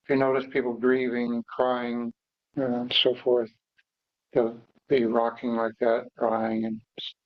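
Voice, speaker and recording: A man teaching meditation, guiding breathing exercises slowly and haltingly, with pauses and fillers. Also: mid-range voice, monotone, no room sound. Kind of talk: guided breathing instruction. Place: meditation hall. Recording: dull, dry lo-fi recording.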